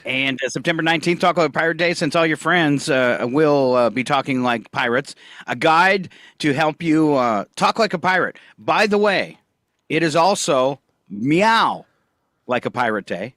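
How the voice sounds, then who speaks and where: Bright, lively male radio co-host. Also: a little high, moderate pace, no room sound, clean studio sound. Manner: chatty, playful, reads lists aloud. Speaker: radio morning show co-host. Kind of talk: casual radio banter. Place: radio studio. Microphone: studio microphone.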